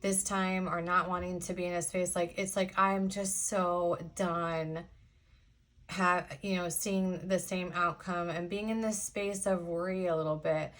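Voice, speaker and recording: A woman's voice: lowish voice, flat delivery, normal speed, few pauses, fairly bright tone. Chatty, sassy woman reading tarot. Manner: chatty, sassy, rambling with many fillers. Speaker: tarot reader. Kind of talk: casual pick-a-card tarot reading.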